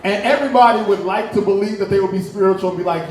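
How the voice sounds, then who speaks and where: A man with a high voice tells a funny personal story at a live open mic, animated and chatty and full of comic asides. He is caught by a camera from far off in a very echoey room with a clear hum of noise behind him. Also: very fast, hardly any pauses, a crowd in the background.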